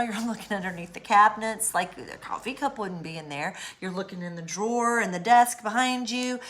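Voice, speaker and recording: Brief: woman vlogger, chatty and animated, speaks straight to the viewer. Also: fairly high pitch. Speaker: vlogger on abuse recovery. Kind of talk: casual monologue to camera.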